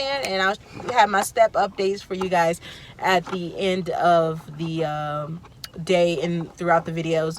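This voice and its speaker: A woman's voice: medium pitch, fairly bright tone, slight background noise. A woman vlogging casually to her viewers, talking candidly in a rambling way and correcting herself as she goes. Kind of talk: casual vlog chat to camera.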